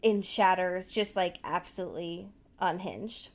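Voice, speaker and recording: A woman's voice: fairly low pitch, measured pace. A woman co-hosting a podcast, recapping a TV episode in a loose, casual chat full of swearing and fillers. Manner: loose, profane, full of fillers and acted-out quotes. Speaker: podcast co-host.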